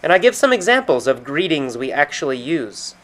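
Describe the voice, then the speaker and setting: An American man, an English teacher, slowly and patiently explaining vocabulary and quoting example phrases. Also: on the high side, sing-song, fairly bright tone. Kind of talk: explaining vocabulary from a recorded conversation. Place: San Francisco.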